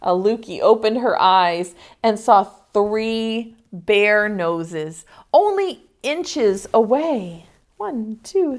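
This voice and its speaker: Preschool teacher, woman, reading to kids on a video class; slow, sing-song, rather high. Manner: expressive, asks children questions. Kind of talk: reading a picture book aloud to children. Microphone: online video class.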